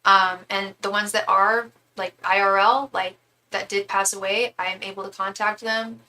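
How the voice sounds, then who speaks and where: A woman's voice: mid-range voice, little pitch movement, moderate pace, sharp tone. A young woman reading tarot on a live stream, rambling and chatty, full of fillers as she tells stories. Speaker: tarot reader and psychic medium. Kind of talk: casual live-stream chat.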